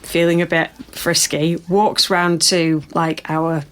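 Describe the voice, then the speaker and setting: A woman's voice: low voice, level tone, takes it slowly, fairly bright tone, slight background noise. A woman chatting casually as a podcast guest, telling stories and laughing often. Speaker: podcast guest, party host. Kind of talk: casual chat.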